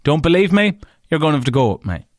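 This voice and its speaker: A man with an Irish accent, a podcast and radio host, tells stories in a casual monologue. He swears freely and jumps up in pitch when he stresses a point. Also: fast, no room sound, clean studio sound. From Ireland. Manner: animated, swears freely, leaps up in pitch for emphasis.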